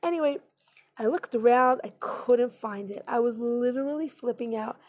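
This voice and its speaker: A woman's voice: fairly high pitch, moderate pace, a little mellow. A woman earnestly telling a personal story to the camera in an emotional, conversational way. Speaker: vlogger.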